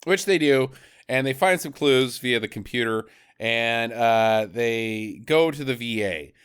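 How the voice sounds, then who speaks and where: A man co-hosting a podcast, sarcastically retelling a bad movie and mocking its lines in a gruff, profane voice. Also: medium pitch, expressive, a little slow, a bit bright. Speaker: podcast co-host. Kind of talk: casual movie riff.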